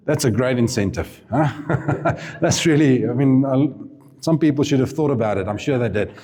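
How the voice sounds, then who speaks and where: Mellow-voiced preacher, echoey hall. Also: male voice, mid-range voice, expressive, measured pace. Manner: chatty and informal, with asides and laughs. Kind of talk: sermon storytelling. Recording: reverberant hall.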